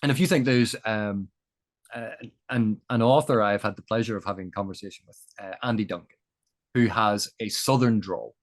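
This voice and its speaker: A man's voice: on the low side, moderate pace. A man who is the guest of an interview, talking in a thoughtful, lecturing way and building each point with examples. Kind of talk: explanatory interview chat.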